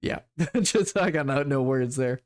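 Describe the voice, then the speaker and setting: A man streaming a video game, chatting casually and reading its text aloud in a relaxed, hesitant way. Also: mid-range voice, measured pace.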